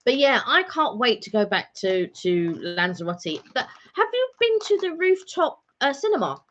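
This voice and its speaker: A woman's voice: fairly high pitch, big pitch swings, moderate pace, fairly bright tone. A woman co-hosting a casual live-stream vlog chat, rambling and chatty with plenty of ums and restarts. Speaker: vlog co-host. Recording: dull lo-fi home stream audio.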